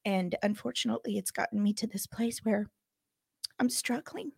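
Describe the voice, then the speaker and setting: A middle-aged woman co-hosting a podcast, telling a personal story in an emotional, animated way. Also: mid-range voice, normal speed, vocal fry, husky, dry recording, studio quality. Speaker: podcast co-host. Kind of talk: casual chat.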